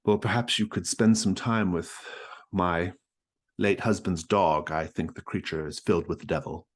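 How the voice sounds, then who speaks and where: A man voicing a soft, fretful, genteel middle-aged widow who speaks in a fussy, prim way. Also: low-pitched, fairly even intonation, moderate pace.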